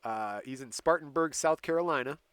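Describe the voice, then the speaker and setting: A man's voice: on the high side, fairly quick, a bit bright, smooth, no echo. Giggly storytelling podcast man. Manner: laughs often, reads dates and places in a storytelling way. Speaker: podcast host. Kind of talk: casual chat, telling a crime story.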